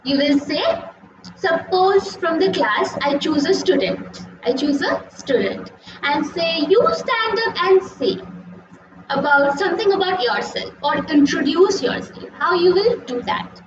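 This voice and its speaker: A woman's voice: extremely high pitch, expressive, unhurried. A young woman teaching a live conversation class. She talks patiently, repeating herself and checking in with "okay?" and "right?". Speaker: English teacher. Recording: echoey, distant and muffled.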